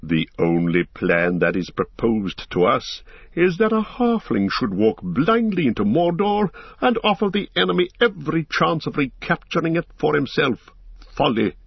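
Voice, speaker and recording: A man's voice: low voice, measured pace, few pauses, breathy edge, no echo, voice pushed down, exaggerated voice. Boromir, a man voicing a fervent proud warrior. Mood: urgent. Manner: impassioned, pleading and raging. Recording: slightly dull lo-fi recording.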